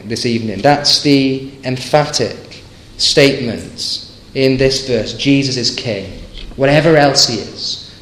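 A man's voice: medium pitch, fairly bright tone, echoey room, poor audio. A man preaching an evening sermon, earnest and emphatic, with stammered restarts and rhetorical questions.

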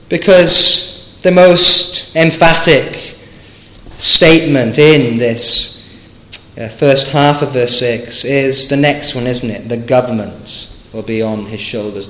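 A man's voice: medium pitch, sharp tone, roomy sound, low-quality recording. A man preaching a sermon, emphatic and fervent, often asking rhetorical questions of his listeners. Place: church.

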